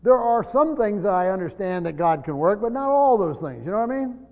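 A pastor with a high, animated voice teaches a Bible study at a fairly quick pace, explaining scripture in an expository style. He's emphatic, alternating loud stresses with quiet asides. The audio is dull and lo-fi, recorded in a large echoing hall.

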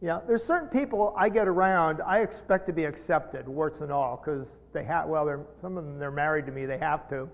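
A middle-aged man preaching a sermon as pastor, earnest and halting, with repeated words, rising to emphatic peaks. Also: fairly high pitch, creaky. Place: church sanctuary. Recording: dull sound with long hall reverb.

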